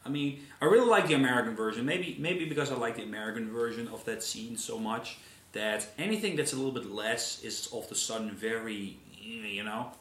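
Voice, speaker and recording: A man's voice: mid-range voice, a little fast, fairly bright tone. A man hosting a casual commentary video, rambling, repeating words and often apologizing. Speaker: video host. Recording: echoey room.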